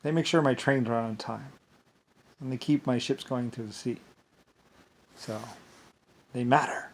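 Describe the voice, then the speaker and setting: A man's voice: mid-range voice, measured pace. Man, mid-range voice, meandering vlog monologue, frequent laughs. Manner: meandering, laughs often, keeps saying "anyway". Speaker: vlogger. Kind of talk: rambling monologue.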